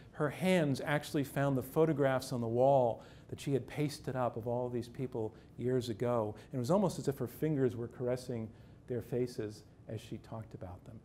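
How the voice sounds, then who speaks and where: A man, a journalist, telling a true first-person story on stage with measured pacing, dramatic pauses and dry irony. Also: medium pitch, warm tone, slight background noise.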